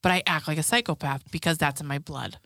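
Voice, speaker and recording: A woman in her thirties hosts a podcast, casually telling frank, profane stories about home life and acting out what people said. Her low-pitched voice is steady and fairly bright, and she speaks quickly. The studio sound is clean, with no room sound.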